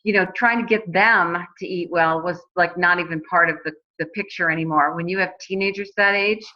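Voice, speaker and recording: A woman in her forties tells her own story as a casual testimonial, chatty and full of fillers and restarts. Her fairly low voice is brisk and steady in tone, captured on a dull lo-fi recording.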